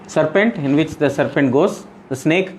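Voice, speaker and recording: A man's voice: fairly high pitch, animated, moderate pace, a little mellow, a little hiss or hum, poor audio. Man explaining scripture, quizzing listeners. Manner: repeats and rephrases for emphasis. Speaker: spiritual teacher. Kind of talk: scripture class.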